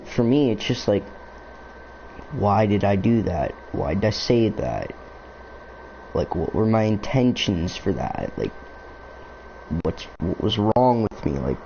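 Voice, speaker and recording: A young man, a YouTuber, rambling casually to the camera, full of fillers and musing asides. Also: fairly low pitch. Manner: filler-heavy, meandering, musing. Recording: dull lo-fi mic with faint noise.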